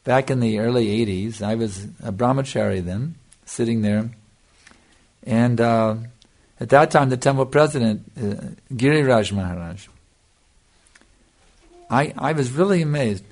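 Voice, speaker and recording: An older man with a gravelly, fry-edged voice delivers a devotional lecture. He teaches earnestly, circling back to his points and checking in with his listeners. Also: mid-range voice, a little slow, long pauses, darkish tone. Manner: earnest, repeats "you see", answers questions. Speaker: spiritual teacher.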